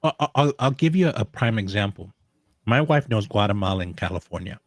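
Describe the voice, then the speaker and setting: A man chatting casually on a talk show, telling animated stories with frequent restarts and laughs. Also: on the low side, fairly quick, no room sound, studio quality. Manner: animated storyteller, laughs often, many restarts. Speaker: co-host of a social media talk show. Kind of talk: casual chat.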